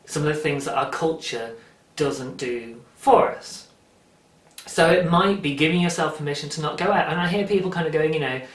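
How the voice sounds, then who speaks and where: A podcast host talking casually on their own, earnest and encouraging, often restarting sentences. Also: mid-range voice. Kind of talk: casual solo podcast monologue. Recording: roomy, distant from the mic.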